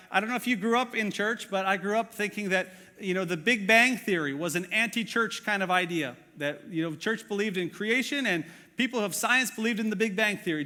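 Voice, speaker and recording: High, bright-voiced man preaching. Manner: conversational, many fillers, asks the audience questions. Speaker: pastor. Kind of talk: sermon. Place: church auditorium. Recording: long reverb of a church hall.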